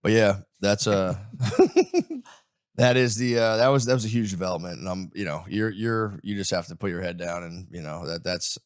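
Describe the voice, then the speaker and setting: A man's voice: low voice, normal speed, smooth. Casual, joking young man. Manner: animated storytelling with mimicked voices of others. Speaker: podcast co-host. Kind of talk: casual comedic chat.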